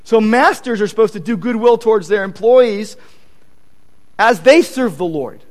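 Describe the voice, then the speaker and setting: A man's voice: sits high, moderate pace. A male pastor preaching a sermon, repeating key points for emphasis and acting out quoted conversations. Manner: animated, acts out quoted conversations; emphatic repetition.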